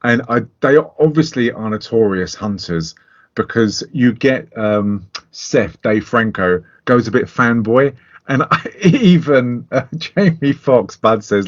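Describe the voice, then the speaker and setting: A man's voice: mid-range voice, lively intonation, slow. Man, middle-aged, casual film podcast, sweary and blunt, dull lo-fi sound. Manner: blunt, sweary, laughs often. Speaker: podcast co-host. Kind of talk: casual film review chat.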